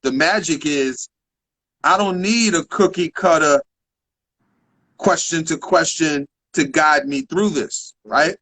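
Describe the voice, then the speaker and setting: A man's voice: fairly high pitch, slow, a bit bright, poor audio. Man hosting a casual interview. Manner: agreeing, affirming, casual slang. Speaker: interview host.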